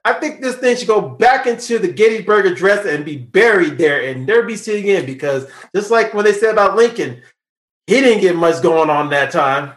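A man's voice: high voice, animated, moderate pace, fairly bright tone. A man hosting a casual podcast about a film, rambling with restarts and laughing often. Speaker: podcast host. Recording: roomy echo.

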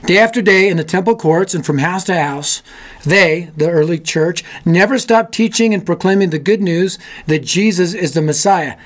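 A man hosting a youth ministry show, telling a story sermon in an animated, self-mocking way. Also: high voice, normal speed. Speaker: youth ministry leader and host.

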